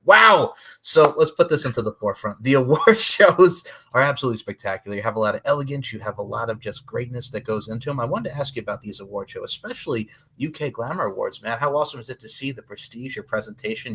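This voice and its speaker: A man's voice: mid-range voice, fairly bright tone, husky. A man hosting a casual interview podcast, who talks with effusive enthusiasm and heaps praise on his guest. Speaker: podcast host.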